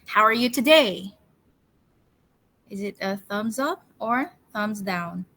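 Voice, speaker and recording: A woman English teacher leading a storytelling lesson for children, coaxing them with cheerful questions and slow call-and-response word drills. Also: medium pitch, lively intonation, bright, forceful tone, low-quality recording.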